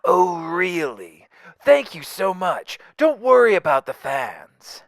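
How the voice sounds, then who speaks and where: A man voicing a wisecracking, unhinged male mercenary in a fan audio drama, jokey and manic, swinging between whispers and shouts. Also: high voice, sing-song, slow, gravelly, no echo, full character voice. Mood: manic teasing.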